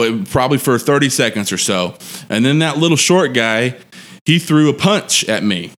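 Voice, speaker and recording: A man's voice: mid-range voice, a bit bright. A man, a podcast guest telling a long story in a rambling, profane way and laughing often. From Texas. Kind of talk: casual storytelling.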